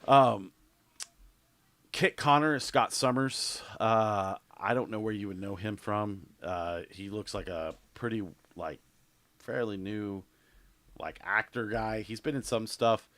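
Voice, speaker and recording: A man's voice: on the low side, slow, a bit bright, no echo. A man co-hosting a podcast in casual chat, rambling and offhand with lots of fillers and restarts. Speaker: podcast co-host.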